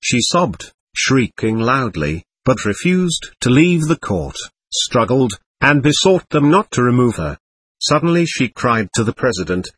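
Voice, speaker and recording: Male audiobook narrator; husky, expressive, dry close sound. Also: mid-range voice, a little slow, no room sound. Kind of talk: scripted narration.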